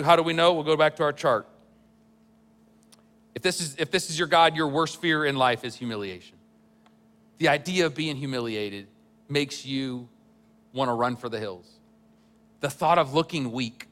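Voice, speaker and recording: Forceful male pastor preaching in a reverberant hall. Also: on the high side. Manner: conversational preaching with wry asides. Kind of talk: sermon.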